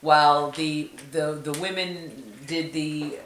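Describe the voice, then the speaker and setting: Slow-talking low-voiced woman. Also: steady tone, fairly bright tone, reverberant, a little hiss or hum. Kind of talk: casual chat.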